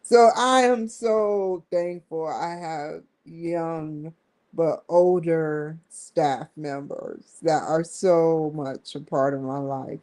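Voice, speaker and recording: Slow-talking chatty woman vlogger. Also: lowish voice, warm tone. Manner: chatty, addresses viewers as y'all, breaks into laughter. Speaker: vlogger and show host. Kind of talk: casual vlog talk to camera.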